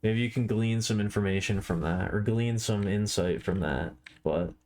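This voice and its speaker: Man, low-ish voice, tired, slow stoner drawl, casual live-stream talk, desk mic. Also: darkish tone. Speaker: art streamer.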